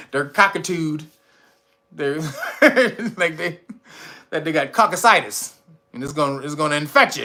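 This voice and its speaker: A man's voice: on the high side, pushed and bright. A man hosting a casual commentary monologue, blunt and profane, laughing often. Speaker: channel host.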